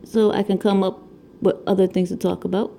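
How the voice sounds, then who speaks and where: This Connecticut crafting vlogger, a woman around her thirties with a Connecticut accent, rambles chattily and laughs often as she diamond paints at home, recorded on the camera mic. Her mid-range voice is brisk, flat, creaky and mellow, with a little hiss or hum.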